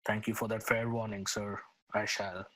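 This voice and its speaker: A man's voice: fairly low pitch, little pitch movement, normal speed, a bit bright, rough recording. A man voicing a humble, courteous wandering priest who speaks in formal, gracious phrases.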